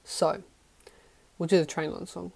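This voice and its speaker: A man's voice: a little high, little pitch movement, unhurried, creaky. A young man giving casual, self-mocking reaction commentary on his old videos, swearing often. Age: young adult. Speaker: YouTuber.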